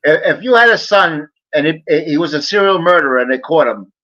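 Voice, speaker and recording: Talkative male guest, stumbling anecdotes over a dull lo-fi line, somewhat higher voice. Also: animated, a little fast, sharp tone. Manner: talkative, tells stories with many stumbles. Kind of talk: casual chat.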